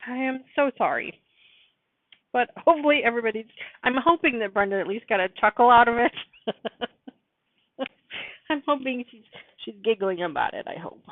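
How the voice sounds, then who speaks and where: A woman's voice: a little high, no echo. A woman hosting a live quilting stream in a chatty, apologetic way, laughing often as she talks. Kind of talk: casual live-stream sewing chat. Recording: dry, phone-like narrow sound.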